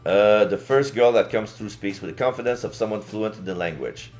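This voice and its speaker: A man's voice: fairly low pitch, fairly quick, a little mellow, soft background music. A man streaming and reading a visual novel aloud, chatty with laughing asides.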